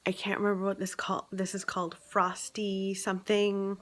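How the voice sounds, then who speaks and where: A woman from Canada chatting at home at night for her vlog, drifting between soft whispers and bright exclamations. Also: mid-range voice, completely flat delivery, normal speed, slight background noise. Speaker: vlogger. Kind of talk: casual chat.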